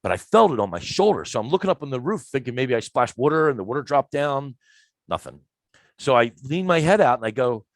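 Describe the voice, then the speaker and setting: A man tells a story on a podcast, his pitch swinging widely as he acts out each part. His delivery is emphatic and animated. The recording is close and dry, with no room sound. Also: brisk, dry recording. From Philadelphia, USA. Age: 50s. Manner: lively, emphatic, acts out quoted lines. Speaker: guest storyteller. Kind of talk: casual storytelling.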